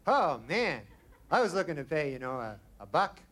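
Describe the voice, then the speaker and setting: A man doing stand-up comedy with a deadpan, rambling delivery. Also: fairly high pitch, normal speed. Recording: noisy live stand-up recording.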